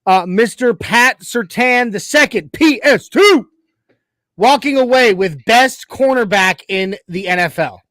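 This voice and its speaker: A man's voice: high-pitched, unhurried, hardly any pauses, pushed and bright, no echo. A man co-hosting a casual sports talk show, reading viewer comments in an emphatic, chatty way with many restarts. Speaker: co-host reading chat.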